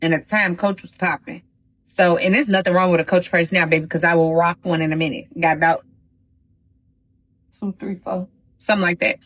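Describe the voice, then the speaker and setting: A woman hosting a casual storytime vlog, talking straight to her viewers in an animated, slangy way. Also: fairly low pitch, fairly quick, long pauses, dry recording, poor audio. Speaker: storytime host.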